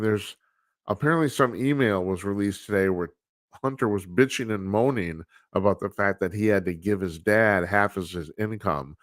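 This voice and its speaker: A male talk show host with a low voice speaks straight into a close, dry studio mic. He rambles through his commentary bluntly and casually, swears freely and often restarts his sentences. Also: a bit bright, dry recording. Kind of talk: casual political commentary monologue. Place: studio, live broadcast with video calls.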